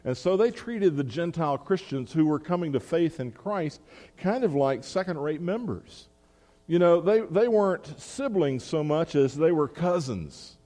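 A man's voice: fairly high pitch, expressive, a little slow, dark tone, in a large hall. A man preaching a sermon as pastor, talking in a conversational way with asides and restarts.

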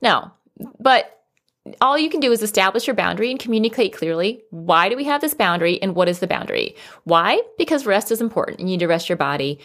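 A woman giving casual advice on toddler sleep as a sleep consultant, animated and acting out what parents and kids say. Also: medium pitch, brisk.

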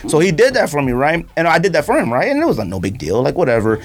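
A man's voice: on the high side, quick pace. A man hosting a podcast in casual chat, telling stories with lots of laughter and quoted asides. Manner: animated storytelling, laughs often, acts out quotes. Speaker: podcast host. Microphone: studio microphone.

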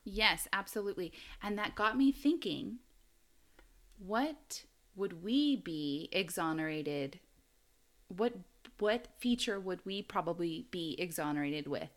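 A woman's voice: fairly low pitch, animated, takes it slowly. A woman co-hosting a casual true-crime podcast, rambling and laughing often as she talks. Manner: giggly, rambling, frequent laughter. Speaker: podcast co-host.

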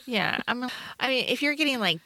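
A woman's voice: a little high, lively intonation, brisk, pushed and bright, dry recording. A woman co-hosting a podcast, chatting casually about a movie with lots of fillers and an easygoing manner. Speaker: podcast co-host. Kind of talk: casual movie review chat.

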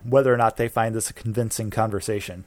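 A man's voice: lowish voice, steady tone, fast talker, a little mellow, dry recording. A man co-hosting a podcast in playful, casual chat. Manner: playful, jokey. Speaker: podcast co-host.

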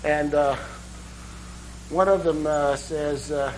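A man preaching a sermon, telling a story in an unhurried way with lots of ums and uhs. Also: a little high, fairly even intonation, background noise. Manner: unhurried storytelling with many fillers. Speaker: guest preacher. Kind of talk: sermon with a humorous opening.

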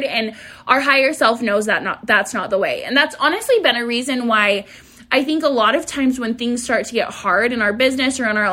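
Bright-voiced, bubbly young woman podcast host. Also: a little high. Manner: bubbly, lively inflection. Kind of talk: casual solo podcast intro.

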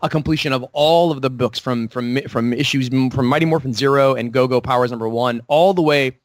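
A comic book writer chats casually in an interview, lively and constantly restarting his sentences and acting out quotes. His voice sits in the mid-range, with no room sound.

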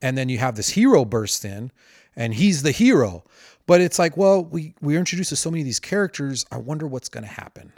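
A man with a slightly high, sing-song voice and a darkish tone talks briskly as a podcast co-host in casual chat. He rambles, with lots of fillers and false starts.

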